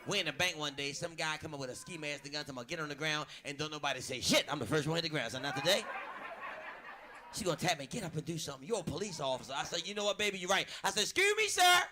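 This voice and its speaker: A man's voice: fairly high pitch, racing, noisy background. Crude storytelling man doing stand-up. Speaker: stand-up comedian. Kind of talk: stand-up comedy set. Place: comedy club stage.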